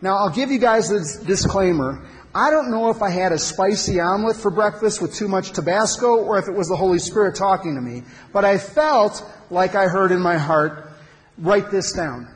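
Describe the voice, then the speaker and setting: A man giving an animated, emphatic storytelling talk to an audience at a men's conference in a large hall. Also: sits high, brisk. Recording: long hall reverb.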